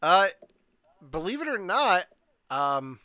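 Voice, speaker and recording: A man's voice: high voice, big pitch swings, slow pace, pushed and bright, no room sound. A man hosting a casual podcast chat, leading the talk and asking his co-hosts questions. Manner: leads the talk, asks questions. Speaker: podcast host.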